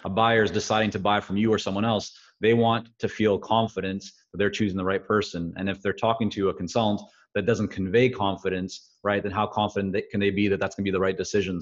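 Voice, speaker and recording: Measured male host on dull audio. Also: sits low. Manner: measured, affirming, sums up the guest's points. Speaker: podcast host. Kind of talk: interview conversation.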